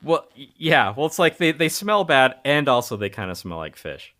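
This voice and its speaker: Man, podcast co-host, bright voice, wry, laughs often, casual chat. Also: mid-range voice, big pitch swings, normal speed. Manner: wry, laughing, dry jokes. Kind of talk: casual movie-review chat.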